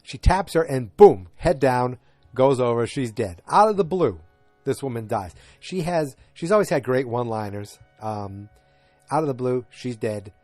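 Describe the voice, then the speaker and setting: A man with a slight Boston accent talks through a TV episode in a loose, rambling podcast recap. He keeps interrupting himself with quick jokey asides. The sound is dry and close, with faint music underneath. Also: medium pitch, lively intonation, a little mellow, no echo. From north of Boston, Massachusetts. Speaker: podcast host.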